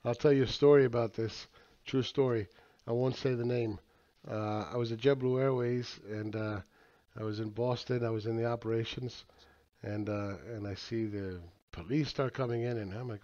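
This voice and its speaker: A man's voice: mid-range voice, fairly even intonation, moderate pace, a little mellow. A man giving casual, crude market commentary, rambling with filler words, profanity and laughs. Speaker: market analyst. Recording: slightly dull lo-fi audio.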